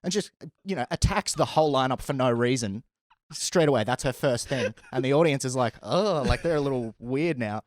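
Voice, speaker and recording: A man and stand-up comedian telling a story in a casual, animated way, often laughing as he goes. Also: mid-range voice, fairly quick, hardly any pauses, no room sound.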